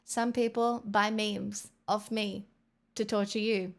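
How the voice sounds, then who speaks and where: An Australian woman streamer in casual livestream chat, rambling and playful, drifting into soft murmurs. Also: medium pitch, little pitch movement, slow, vocal fry.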